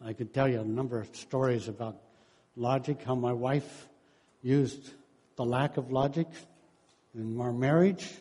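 Heard through long hall reverb, a sixties-aged preacher and counselor gives a sermon in a mid-range, mellow, slightly rough voice. His intonation is fairly even and his pace a little slow, with long pauses. He tells stories, acts out what people said, and chuckles often.

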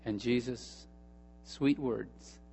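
Slow-preaching pastor in a ringing hall. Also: male voice, mid-range voice, steady tone, gravelly, faint music behind. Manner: storytelling, swinging between hushed asides and emphatic repetition. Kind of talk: sermon.

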